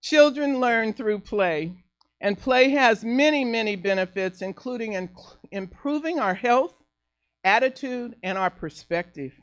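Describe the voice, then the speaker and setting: A middle-aged woman minister giving a playful sermon, slow and deliberate, laughing easily as she leads the group. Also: a little high, expressive, no echo. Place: church sanctuary. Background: faint piano.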